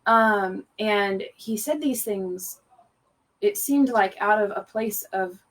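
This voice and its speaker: A woman's voice: mid-range voice, takes it slowly. A young woman leading worship, chatting casually about a song between sets with many fillers and easy laughs. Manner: chatty, lots of "um" and "like", laughs easily. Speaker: worship leader. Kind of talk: casual devotional talk between songs.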